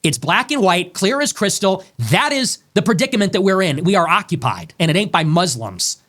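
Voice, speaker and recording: A man's voice: high voice, big pitch swings, moderate pace, fairly bright tone. A man delivering heated monologue commentary on his own show, angry and combative, hammering points through repetition. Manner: angry, combative, emphatic, repeats lines for effect.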